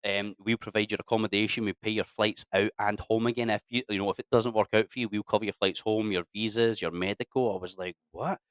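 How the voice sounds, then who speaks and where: A man in his thirties, an army veteran telling his story in a casual interview, blunt and sweary, calling people mate and lads, often clearing his throat. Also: fairly low pitch, fairly even intonation, fast, hardly any pauses, dry recording.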